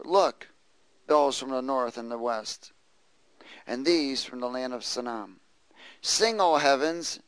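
This pastor's mid-range voice is fairly bright, clear and resonant, captured in a dry but rough recording. He reads scripture aloud and leads the congregation in call-and-response, asking them to answer and repeat his words.

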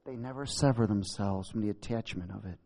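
A man's voice: lowish voice, brisk, gravelly, warm tone. A male pastor preaching and reading scripture aloud, exclaiming and laughing often. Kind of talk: sermon.

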